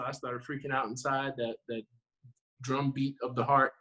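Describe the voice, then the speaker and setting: A man in his thirties, a guest actor telling a lively story in a casual interview, acting out what people said and laughing often. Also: medium pitch, normal speed, poor audio. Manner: animated storyteller, acts out quotes, laughs often.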